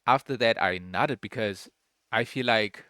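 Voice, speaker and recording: A man's voice: lowish voice, a little slow, bright, forceful tone, smooth, no echo, studio quality. A young man giving casual, rambling commentary as a streamer reacting to a clip, restarting his sentences often and calling everyone "bro". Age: young adult.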